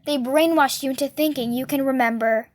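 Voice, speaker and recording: A woman's voice: high voice, a little fast, lightly acted. A woman voicing a hulking, cold-blooded father in a storybook reading, speaking in an insistent, cold manner.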